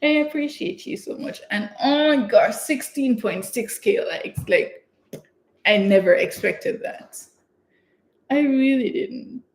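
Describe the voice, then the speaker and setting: A young woman from Canada, chatting excitedly and giggling as she hosts her own livestream. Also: fairly high pitch, takes it slowly. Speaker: livestream host. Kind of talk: casual livestream chat. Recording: echoey room.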